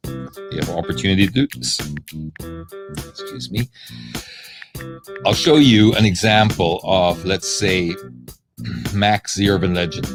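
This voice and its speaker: A man hosting a live question-and-answer stream, telling a story in a chatty, animated way and acting out the people in it. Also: sits low. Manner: animated, acts out the people in his stories; conversational, with frequent asides and fillers. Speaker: host answering viewer questions.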